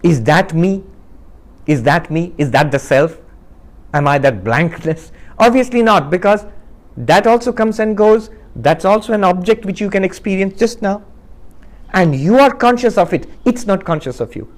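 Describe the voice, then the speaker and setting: A man giving a spiritual talk to a live audience, telling a story and acting out its characters with lively shifts of voice. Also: high-pitched, moderate pace. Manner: asks the audience questions. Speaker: spiritual teacher.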